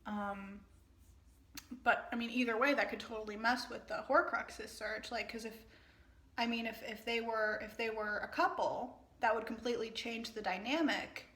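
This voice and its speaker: A young woman talks through her thoughts between passages of a book she is reading aloud. Her comments ramble, full of fillers and restarts. Her voice is bright and a little high, and the room around her echoes. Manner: chatty, rambling side comments with many fillers. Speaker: reader and commentator.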